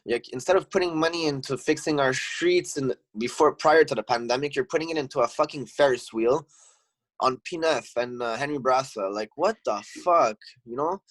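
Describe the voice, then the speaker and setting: A man's voice: mid-range voice, moderate pace, dry recording, rough recording. Guy ranting on a podcast, swears a lot, dry close sound. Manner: heated, swears often, many restarts. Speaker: podcast guest, gym owner. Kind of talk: casual chat.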